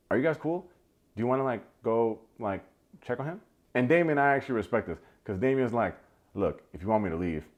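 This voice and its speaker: A young man casually recapping a reality show, chatty and playful, with lots of "like" and quick asides. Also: lowish voice. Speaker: YouTube recap host.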